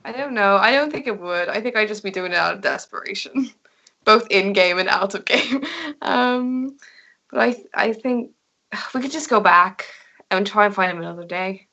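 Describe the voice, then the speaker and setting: A woman playing a tabletop game, unsure and giggly, thinking out loud. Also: medium pitch, normal speed, creaky, highs cut off. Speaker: player. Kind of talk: casual tabletop play.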